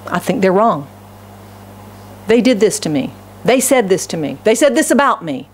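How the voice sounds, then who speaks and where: A woman pastor preaching with fervor from the pulpit of a church, her voice pitched in a middle range for a woman. She rises to emphatic declarations and then drops to a hushed, almost whispered plea. She often turns to her listeners with direct questions. A faint hum sits under her voice. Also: big pitch swings, normal speed. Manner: impassioned, swinging from raised declarations to hushed, near-whispered pleading; asks the congregation rhetorical questions. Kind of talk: sermon. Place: church sanctuary.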